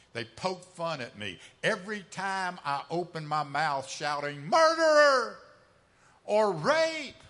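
This man delivers a fiery sermon in plain, homespun phrasing, his high-leaning voice alternating between forceful declarations and quiet asides.

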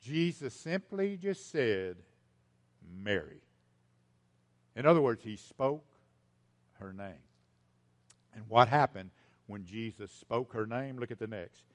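Emphatic preacher man, mid-pitched. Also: animated, normal speed. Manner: emphatic, repeats key lines, swings from loud to hushed; speaks directly to the congregation as folks. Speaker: pastor. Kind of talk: sermon.

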